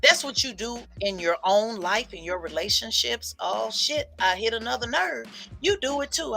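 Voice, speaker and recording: A woman's voice: fairly high pitch, expressive, normal speed, creaky, sharp tone. A woman political commentator giving an emphatic, preachy livestream monologue and repeating lines for effect. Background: faint music.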